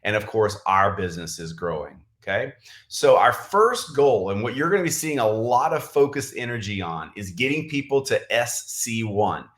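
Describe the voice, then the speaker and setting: A man's voice: on the low side, animated, fairly bright tone, roomy sound. A man leading a casual livestream training for his sales team, rambling with lots of fillers and self-corrections. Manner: says he is talking really fast. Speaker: direct-sales team leader. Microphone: camera mic on livestream.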